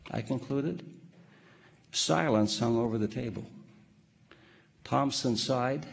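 Gravelly preacher man with echoing reverb. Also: mid-range voice, expressive. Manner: measured, emphatic delivery with rhetorical questions. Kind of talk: sermon.

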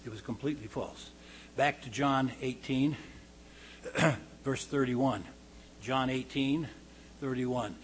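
A man preaching a verse-by-verse Bible study, reading quotes aloud louder and higher, then dropping low to comment, often clearing his throat. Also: takes it slowly, long pauses, a little hiss or hum, rough recording.

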